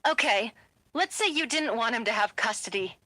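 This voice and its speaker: A woman voicing a furious young male werewolf alpha who speaks in a sharp, commanding way. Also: fairly high pitch, expressive, normal speed, no echo. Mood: angry.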